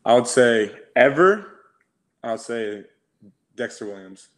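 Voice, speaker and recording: A man's voice: mid-range voice, animated, measured pace. A young man in his twenties, co-hosting a podcast and telling stories in slangy, profane casual chat full of "like"s. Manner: slangy, profane storytelling with many "like"s. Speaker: podcast co-host.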